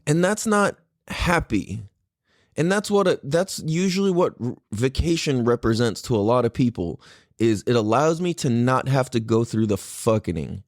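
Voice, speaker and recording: A man in his thirties hosting a podcast, talking in an excitable, rambling way and swearing freely. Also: medium pitch, normal speed, no room sound, studio quality. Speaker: podcast host. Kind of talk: casual solo podcast talk.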